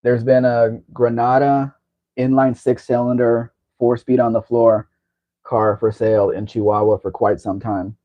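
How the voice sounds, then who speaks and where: A man's voice: mid-range voice, flat delivery, measured pace, dull audio. Chatty man with rambling car talk. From Southern California. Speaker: show host. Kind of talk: casual live-stream chat.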